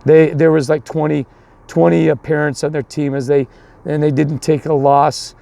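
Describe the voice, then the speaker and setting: Gravelly man rambling through a story. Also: on the high side, level tone, normal speed, mellow. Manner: repeats and restarts a lot, voices the other people in his story. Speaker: youth baseball coach. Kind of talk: rambling storytelling that turns into preaching.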